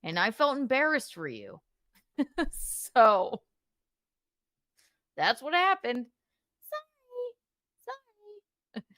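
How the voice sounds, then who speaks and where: A woman's voice: on the high side, sing-song, slow, pauses often, a bit bright, dry recording, studio quality. A woman in heated casual podcast chat, retelling a story in a profane, defensive and rambling way.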